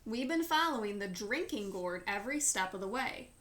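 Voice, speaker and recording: A woman reading aloud, voicing a grown man who hides with his family and speaks forcefully then kindly. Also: mid-range voice, animated, moderate pace, natural voice, poor audio. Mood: earnest. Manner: forceful, then kind and hushed.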